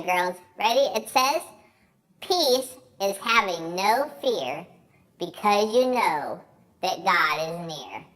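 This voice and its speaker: A man's voice: sits high, a bit bright. A man doing a bubbly banana puppet. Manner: bubbly, jokey, leads kids in call-and-response. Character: cheerful talking banana puppet, excitable. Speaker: children's church puppet. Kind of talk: children's church puppet show.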